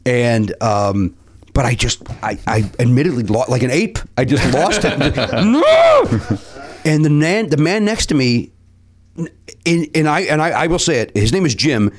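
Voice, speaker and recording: A man's voice: mid-range voice, moderate pace. A middle-aged man hosting a podcast, telling a travel story in casual chat and acting out what others said. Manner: animated, acts out other people's lines. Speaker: podcast host.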